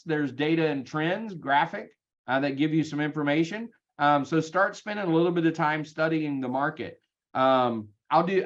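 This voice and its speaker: A man leading a sales team meeting, energetic and chatty, with frequent ums, over a video call. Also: a little high, lo-fi sound. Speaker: real estate team leader.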